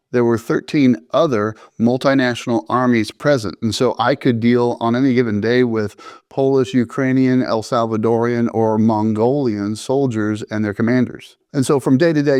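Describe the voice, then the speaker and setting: A middle-aged army veteran telling a first-person story with dry, matter-of-fact humor and a measured, deliberate delivery. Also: male voice, medium pitch, a little mellow, dry recording.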